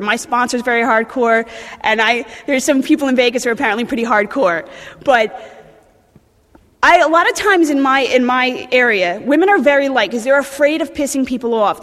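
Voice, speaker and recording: A woman's voice: on the high side, a bit bright, in a large hall. A woman in her thirties with a New Jersey accent, speaking bluntly and animatedly at a recovery meeting, swearing and restarting her sentences. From New Jersey, USA. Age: 30s.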